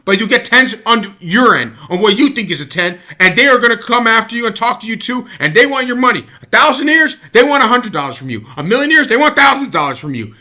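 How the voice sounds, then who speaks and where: A man's voice: extremely high pitch, lively intonation, quick pace, few pauses, sharp tone. An American man giving a rambling, exasperated sports-opinion monologue, often repeating and restarting his words. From United States. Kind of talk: casual monologue rant.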